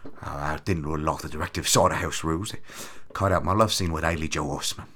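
A man putting on an impression of an older British actor, playing him as lecherous with a breathy, suggestive drawl. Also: very deep voice, quick pace, fairly bright tone, slight background noise, voice pushed down. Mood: mock-wistful.

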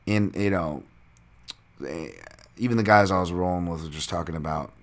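A man's voice: sits low, normal speed. A man hosting a podcast, casually breaking down fight results in a loose, rambling way with lots of fillers and swearing. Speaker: podcast host and fight analyst.

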